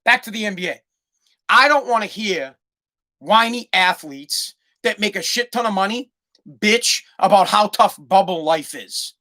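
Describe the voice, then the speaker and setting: A man's voice: high voice, expressive, moderate pace, sharp tone. A man hosting a solo podcast, ranting heatedly and swearing constantly. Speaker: podcast host. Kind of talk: profane solo podcast rant.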